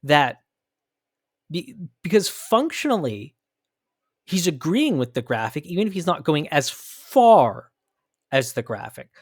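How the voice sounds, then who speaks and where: A man's voice: on the high side, very animated, measured pace, pauses often, dry recording, studio quality. An American man hosting a commentary podcast, arguing his points emphatically and thinking aloud with frequent restarts. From United States. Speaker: podcast host.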